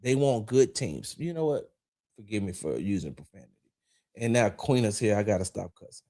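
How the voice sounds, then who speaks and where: A man's voice: fairly low pitch, a little fast. Fired-up man ranting on a sports stream. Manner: animated, rambling, addresses chat viewers directly; profane, confrontational asides. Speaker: sports talk show host. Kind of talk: livestreamed football commentary.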